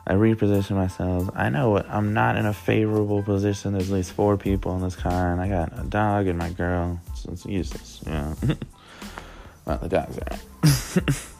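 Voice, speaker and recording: A man vlogging, telling a rambling, profane story in a casual, animated way. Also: low-pitched, fairly quick, vocal fry, soft background music. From Worcester, Massachusetts.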